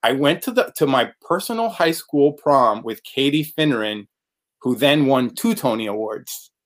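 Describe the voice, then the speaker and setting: A man in a casual interview, talking about his work as an actor. He rambles and restarts often and fills pauses with "um" and "uh". His voice sits in an ordinary middle range. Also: mid-range voice, expressive. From United States. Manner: chatty, rambling, frequent fillers. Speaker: actor guest.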